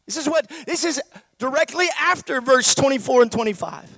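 A man's voice: very high-pitched, expressive, fairly quick, a bit bright, no room sound. A man preaching a sermon, posing one rhetorical question after another to his congregation.

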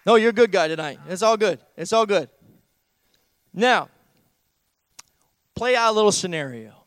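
A man preaching a sermon as pastor, swinging from hushed asides to loud, raised declamation. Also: sits high, lively intonation, moderate pace, no echo.

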